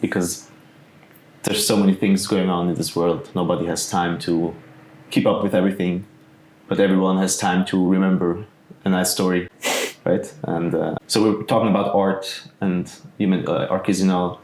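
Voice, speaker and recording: Low-voiced male host in an echoey room. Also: flat delivery, darkish tone. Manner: upbeat, quick affirmations, loose phrasing. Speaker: podcast host. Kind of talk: casual interview. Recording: echoey room with faint noise.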